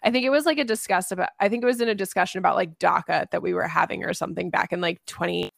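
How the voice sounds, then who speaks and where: A woman's voice: fairly low pitch, steady tone, rapid-fire, vocal fry, fairly bright tone, dry recording, studio quality. A woman co-hosting a casual podcast chat, reading verses aloud and speaking frankly. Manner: reads scripture aloud, candid and swears casually. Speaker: podcast co-host.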